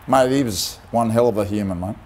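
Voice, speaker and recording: A man's voice: fairly low pitch, a little fast, darkish tone. A middle-aged Australian man, a former player, spinning emotional, colloquial yarns as a guest on a sports panel. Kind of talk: TV panel anecdote.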